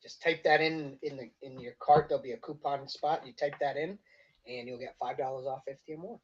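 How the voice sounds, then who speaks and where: A man answering gardening questions as a guest expert on a livestream, enthusiastic and explanatory, his sentences often trailing off softly. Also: mid-range voice, fairly quick, slightly rough, dull audio. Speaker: seed company guest expert. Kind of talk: casual livestream interview answers.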